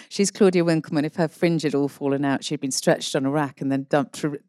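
A woman's voice: low voice, fairly even intonation, fairly quick, warm tone, dry recording, studio quality. A woman guest on a live stage panel who talks with enthusiasm and a wry humour.

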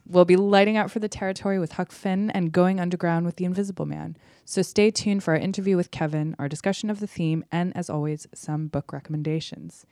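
A woman's voice: on the low side, steady tone, a little fast, few pauses, mellow, dry recording, studio quality. A woman hosting a literary podcast and introducing the episode and her guest in a chatty way. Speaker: podcast host. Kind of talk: scripted show introduction.

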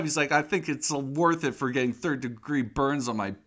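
A man on a podcast, casually retelling a movie scene by scene and acting out the characters' lines in quick voices. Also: medium pitch, a bit bright. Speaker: podcast co-host. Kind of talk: casual movie recap chat.

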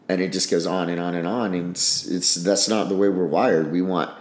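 An army special operations veteran, appearing as a podcast guest, talks bluntly and frankly in a casual interview, swearing and acting out snippets of dialogue. His voice sits low and his tone stays steady at a normal speed, with few pauses and a reverberant sound.

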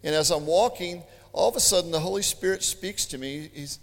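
A man preaching a sermon, telling stories in an animated, chatty way with joking asides. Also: on the high side, fairly quick, creaky, few pauses. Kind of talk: storytelling sermon. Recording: long hall reverb.

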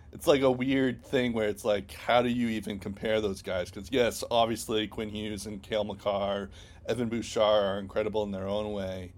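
A man co-hosting a casual sports podcast, rambling with many ums and restarts. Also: fairly low pitch. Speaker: podcast co-host.

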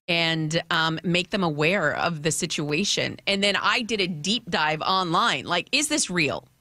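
A woman's voice: lowish voice, sharp tone, no echo. A woman, a mother recounting her own experience as an interview guest, earnest and step by step. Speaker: parent telling her story as a guest. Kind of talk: storytelling in an interview.

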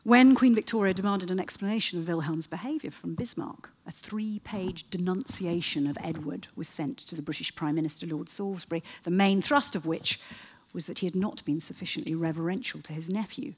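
Husky, low-voiced woman telling history. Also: a little fast. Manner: lively and digressive, with many fillers and wry asides. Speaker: historian lecturer. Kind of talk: storytelling lecture. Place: talk before an audience.

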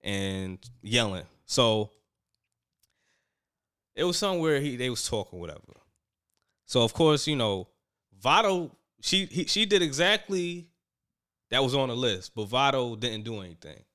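Bright clear-voiced man telling a story. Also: medium pitch, unhurried, pauses often. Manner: animated storyteller, quotes people in raised voices. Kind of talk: casual chat recapping a reality show.

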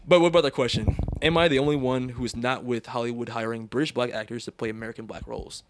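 Laughing, lively male podcast host. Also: medium pitch, a little fast, dry recording. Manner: laughs often, reads listener reviews aloud. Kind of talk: casual podcast chat.

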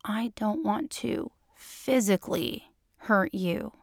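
A woman voicing a sheepish, mopey male FBI agent who talks hesitantly and softly. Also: medium pitch, unhurried, creaky, no room sound, studio quality.

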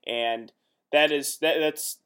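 A man's voice: fairly high pitch, steady tone, slow, pushed and bright, smooth. A man, a competitive powerlifter, talking earnestly in a casual chat and rambling a little.

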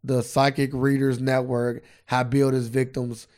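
A man's voice: mid-range voice, level tone, normal speed, a little mellow. A man co-hosting a podcast, chatting casually and profanely and reading a news article aloud. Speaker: podcast co-host.

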